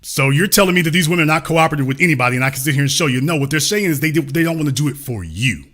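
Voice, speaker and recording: A man's voice: on the high side, expressive, racing, fairly bright tone. A man hosting a heated podcast debate, combative, interrupting and repeating "sir". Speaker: host.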